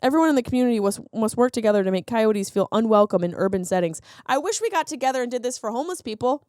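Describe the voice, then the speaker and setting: A comedian hosting her podcast, a woman giving an animated, sarcastic monologue that keeps jumping into silly voices. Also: fairly high pitch, quick pace, dry recording, studio quality. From Sicilian heritage, lives in Los Angeles.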